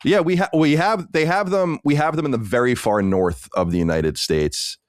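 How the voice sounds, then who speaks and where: A man's voice: on the high side, normal speed, dry recording, clean studio sound. A man co-hosting a podcast, chatting casually in a rambling, filler-heavy way. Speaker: podcast co-host. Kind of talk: casual chat.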